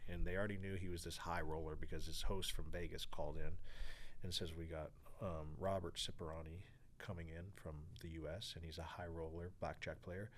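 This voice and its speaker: This low-pitched man in his forties, from California, is a guest on a podcast, telling an energetic story in an interview. He voices the other people in it and swears freely, with slight background noise behind him.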